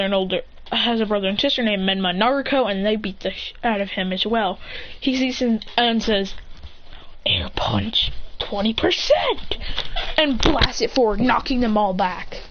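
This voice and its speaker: A woman telling an improvised fan story in a rambling, excitable way, full of restarts and mouth sound effects. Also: fairly high pitch. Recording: dull lo-fi with faint hiss.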